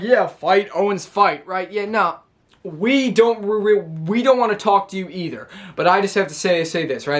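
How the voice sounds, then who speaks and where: A man casually recapping a wrestling show for his vlog, rambling with many restarts and fillers, filmed at home on his own camera. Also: high-pitched.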